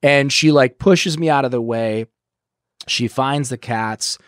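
A man telling a long personal story in an interview, rambling and profane, getting animated when he quotes other people. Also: mid-range voice, unhurried, dry recording, studio quality. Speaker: guest in recovery.

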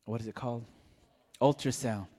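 A man giving a mellow, soft-spoken personal testimony at church. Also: medium pitch, fairly even intonation, moderate pace, slightly rough, long reverb tail. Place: church sanctuary.

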